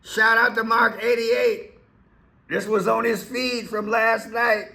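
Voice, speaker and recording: A man's voice: very high voice, little pitch movement, slow, creaky, sharp tone. A man giving casual, teasing commentary on news clips, with playful asides. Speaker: commentary vlogger.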